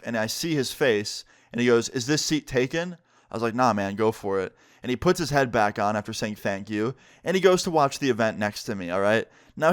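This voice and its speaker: Animated young man telling a story. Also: mid-range voice. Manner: animated, emphatic storytelling with frequent fillers. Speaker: YouTuber. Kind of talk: casual story time vlog.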